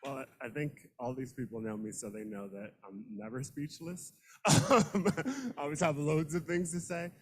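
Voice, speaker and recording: A middle-aged man, a teacher, giving an unscripted, emotional acceptance speech into a handheld microphone, halting and repeating words. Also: medium pitch, fairly even intonation, fairly bright tone, low-quality recording. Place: room full of students and colleagues.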